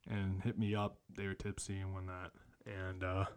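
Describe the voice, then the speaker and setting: A man's voice: sits low, completely flat delivery, moderate pace, clear, resonant tone. A tired young man co-hosting a podcast, telling a crude story in casual chat and laughing often. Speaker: podcast co-host.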